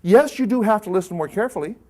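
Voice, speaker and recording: A man's voice: sits high, expressive, fast talker, a little mellow. A man presenting a live workshop to an audience, talking conversationally and putting questions to the room.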